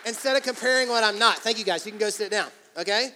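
High-voiced preacher in an echoing hall. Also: male voice, some chatter behind. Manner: animated, acts out inner voices with quick asides to the congregation. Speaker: pastor. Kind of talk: sermon. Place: large church hall.

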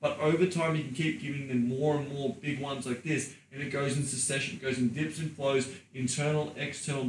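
Profane, animated man in an echoey room. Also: mid-range voice, far from the mic. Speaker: podcast co-host and sex coach. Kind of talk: casual podcast chat. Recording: echoey room, off-mic, faint noise.

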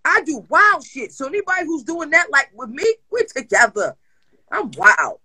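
A woman hosting a casual chat show, telling stories loudly and bluntly with lots of swearing. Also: high voice, normal speed, no echo, poor audio. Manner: loud, profane, animated storytelling. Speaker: host.

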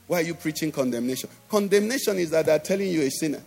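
A middle-aged pastor with a Nigerian English accent preaches a sermon in church, speaking emphatically and repeatedly asking the congregation whether they understand. His fairly high voice is gravelly and dark in tone, animated and quick with few pauses, and faint music plays behind him.

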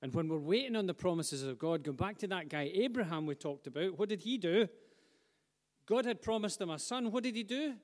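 A man's voice: sits high, lively intonation, fairly quick. A man preaching a sermon, speaking fervently and building to emphatic repetition. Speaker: pastor. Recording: long hall reverb.

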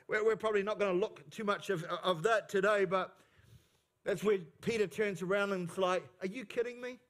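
A man's voice: high-pitched, a bit bright. A male pastor preaching a sermon at a church service into a stage microphone, emphatic, repeating key phrases, with playful asides. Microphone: fixed microphone on stage.

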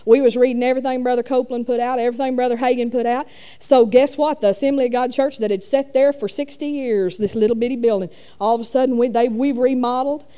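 A woman's voice: fairly high pitch, fairly even intonation, quick pace, dark tone, clear, resonant tone, muffled recording. A middle-aged woman, telling a rambling, folksy church testimony full of fillers. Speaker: church speaker. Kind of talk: testimony storytelling.

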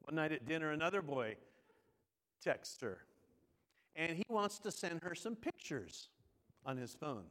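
Male pastor, middle-aged, chatty storytelling sermon; slightly higher voice with a hall echo. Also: expressive, measured pace, pauses often, fairly bright tone. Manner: conversational storytelling, asks the congregation questions. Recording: long hall reverb.

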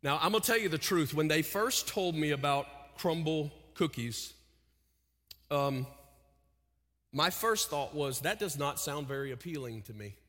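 A male preacher with a high, bright, ringing voice, taking his time over every phrase. He falls to near-hushed lows and climbs to loud, pleading cries. Long reverb trails after him through a large hall. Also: animated, a little slow. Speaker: pastor. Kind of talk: sermon.

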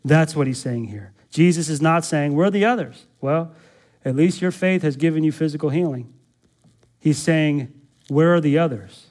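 A man's voice: fairly high pitch, normal speed, a little mellow. A man pastor preaching an expository sermon, emphatic, repeating words and putting rhetorical questions to the congregation.

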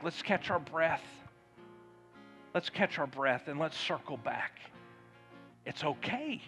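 Slow, bright-voiced pastor. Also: male voice, on the high side, lively intonation, soft background music. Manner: leads congregation in call-and-response and prayer; slow, emphatic delivery that swells to loud fervor. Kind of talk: sermon.

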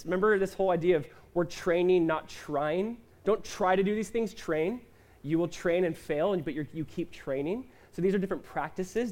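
Male pastor, mid-high voice, relaxed conversational sermon delivery with voiced-out quotes. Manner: conversational preaching with quick asides and acted-out quotes.

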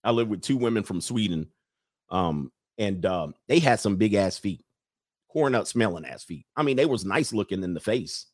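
A man's voice: lowish voice, expressive, normal speed, dry recording, studio quality. A man hosting a livestream who goes on a casual, joking rant, laughs often, talks in loose slang and reads out viewer comments. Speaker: livestream host addressed as Coach.

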